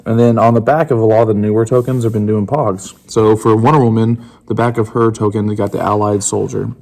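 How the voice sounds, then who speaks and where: A man with a lowish voice and a gravelly, fry-laden edge talks casually as he unboxes game tokens. He is relaxed, laughs easily and fills pauses with ums. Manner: relaxed and chatty, laughs often, trails off with fillers. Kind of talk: casual chat.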